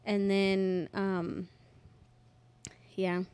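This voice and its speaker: Young woman, podcast host, casual chat, lively storytelling, cusses a lot. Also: mid-range voice, extremely slow, clear, resonant tone. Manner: animated storyteller who acts out quotes and swears freely.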